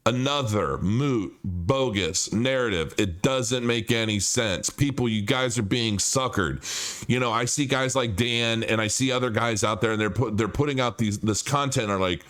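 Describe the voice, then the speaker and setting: A man's voice: mid-range voice, moderate pace, fairly bright tone, soft background music. A man talking straight to camera about crypto in a casual, blunt and profane rant, often restarting his sentences with repeated words. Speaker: crypto commentator.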